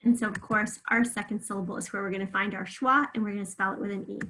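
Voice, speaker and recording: A woman teaching a remote phonics lesson, patiently drawing words out slowly so listeners can hear each sound. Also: mid-range voice, fairly even intonation, pushed and bright, slight background noise, low-quality recording.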